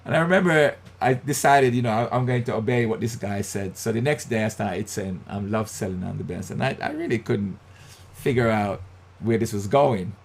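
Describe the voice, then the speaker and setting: A man's voice: mid-range voice, expressive, moderate pace. A male pastor giving motivational Bible teaching, emphatic and repeating his key phrases.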